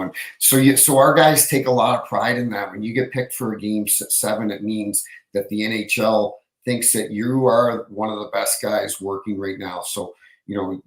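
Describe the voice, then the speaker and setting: A man's voice: on the low side, fairly even intonation, moderate pace, echoey room, low-quality recording. A man, a former hockey referee, telling stories as a podcast guest in a rambling, casual way. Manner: rambling, self-correcting storyteller. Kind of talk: casual anecdotal storytelling.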